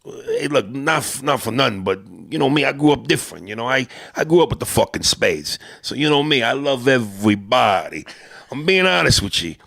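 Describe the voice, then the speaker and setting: Male comic doing a brash, foul-mouthed older Italian-American New Yorker, gravelly and animated. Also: medium pitch, brisk, no echo, studio quality, exaggerated voice. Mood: blunt. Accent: Italian-American New York. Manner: brash, profane storyteller. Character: brash old-school Italian-American man, crude and blunt.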